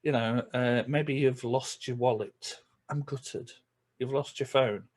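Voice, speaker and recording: A man's voice: mid-range voice, steady tone, a little slow, darkish tone. A man with a Yorkshire accent, chatting casually in a reaction video and explaining things with everyday examples. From Yorkshire, England. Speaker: vlogger.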